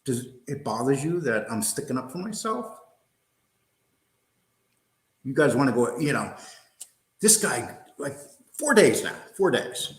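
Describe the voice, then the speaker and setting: A man's voice: mid-range voice, sing-song, a little slow, long pauses. An older man hosting a livestream, ranting angrily in a profane, combative, mocking way. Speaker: host. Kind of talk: angry livestream rant. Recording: roomy echo.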